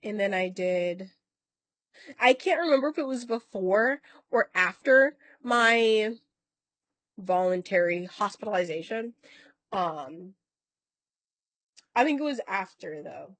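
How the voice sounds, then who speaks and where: A woman's voice: medium pitch, expressive, takes it slowly, long pauses, fairly bright tone, dry recording. Chatty rambling woman, dry sound. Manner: rambling, self-correcting, casual swearing; acts out other people's lines in quoted voices. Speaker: vlogger. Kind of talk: casual storytelling to camera.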